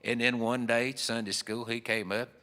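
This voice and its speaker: Folksy Appalachian storyteller in a hall. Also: male voice, mid-range voice, flat delivery, moderate pace, bright, forceful tone. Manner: folksy, rambling with fillers. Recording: long hall reverb.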